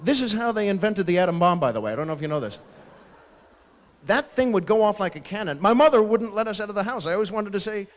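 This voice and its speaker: Animated stand-up comic in a big hall. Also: male voice, high-pitched. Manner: animated, acting out family members in quick asides. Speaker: stand-up comedian. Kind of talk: stand-up routine. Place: large ballroom stage at a live fundraiser. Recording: long hall reverb from a large ballroom.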